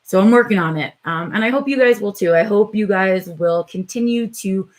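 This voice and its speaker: A woman's voice: medium pitch, moderate pace. A middle-aged woman hosting a live stream, talking reflectively and hesitantly with viewers, with lots of filler words. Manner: reflective, hesitant, many "um"s and "right?"s. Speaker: vlog host on a live stream.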